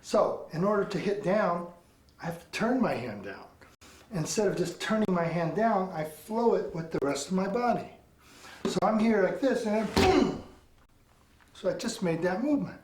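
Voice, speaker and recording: A man teaching a martial arts lesson in an instructional demonstration, animated and punctuating his points with sound effects. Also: sits high, noisy background. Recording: echoey room, mic far off.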